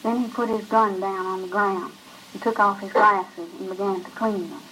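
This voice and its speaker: A woman reads a short story aloud in a measured, even voice. Her pitch sits in a middle register and her pacing stays steady. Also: a little hiss or hum, poor audio. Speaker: reader. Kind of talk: scripted narration of a short story.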